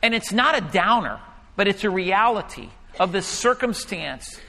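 Man, pastor, high bright voice, storytelling sermon, long hall reverb. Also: moderate pace, vocal fry. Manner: storytelling, animated, hushed in prayer.

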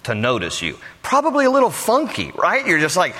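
A man's voice: high voice, wildly swooping pitch, brisk, hardly any pauses, pushed and bright. A man preaching a sermon, joking conversationally and telling the story with plenty of animation. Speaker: pastor. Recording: hall reverb.

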